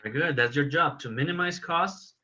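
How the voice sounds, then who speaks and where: A man's voice: a little high, brisk, sharp tone, dull audio. A man teaching an English class online, patiently correcting his students' examples.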